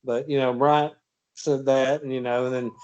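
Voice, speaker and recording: A man's voice: mid-range voice, flat delivery, normal speed, a little mellow, clear, resonant tone, lo-fi sound. A man hosting a casual football chat, telling long stories full of fillers and restarts. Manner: rambling storyteller with many fillers. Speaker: podcast host.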